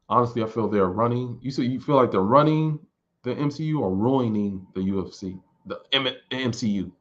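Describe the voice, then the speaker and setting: A man in his thirties in casual chat, answering viewer questions in a relaxed, rambling way and repeating words as he thinks. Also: mid-range voice, moderate pace. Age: 30s. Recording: dull lo-fi recording.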